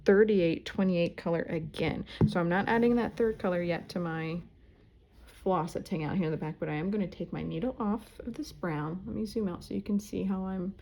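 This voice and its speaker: Relaxed, slightly gravelly woman teaching. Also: fairly low pitch, a little fast, a little hiss or hum. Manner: chatty, self-deprecating, relaxed asides. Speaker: embroidery instructor. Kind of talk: casual tutorial talk while stitching. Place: at home, indoors.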